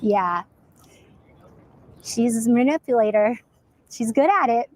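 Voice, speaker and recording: A woman in her forties being interviewed on the street, speaking softly and haltingly with frequent ums. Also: a little high, low-quality recording. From Arizona, US. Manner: soft, hesitant, with frequent ums. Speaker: interviewed trial spectator.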